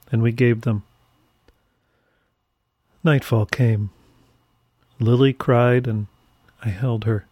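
A man narrating a first-person horror story in a measured, dramatic storytelling manner. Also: medium pitch, a little mellow, dry recording.

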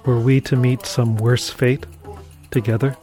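A man narrating a first-person horror story in a measured, dramatic storytelling manner. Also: mid-range voice, flat delivery, warm tone, faint music behind.

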